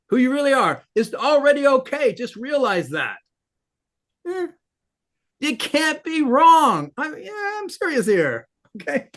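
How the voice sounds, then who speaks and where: A man teaching in conversation, blunt and animated, laughing often and cursing casually, his voice swooping up high when he mimics others. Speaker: spiritual teacher.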